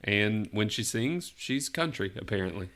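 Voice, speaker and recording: A man's voice: on the low side, lively intonation, normal speed, a bit bright. A man hosting a casual movie podcast, running a guessing game and giving playful hints with frequent laughter. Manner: jokey, gives playful hints, laughs often. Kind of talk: casual chat.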